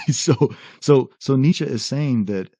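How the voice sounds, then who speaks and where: A man explaining philosophy in a conversational lecture, quoting texts and often pausing on "uh" and "right?". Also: medium pitch, breathy edge, dry recording. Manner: animated explainer, quotes texts, frequent "uh" and "right?". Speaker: podcast guest explaining philosophy.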